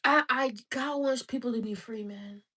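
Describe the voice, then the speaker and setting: Woman, high voice, passionate and preachy, repeats herself, a bit far from the mic. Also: normal speed, sharp tone. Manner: passionate, preachy, repetitive exhortations. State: crying. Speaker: vlogger. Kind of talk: emotional faith-based monologue.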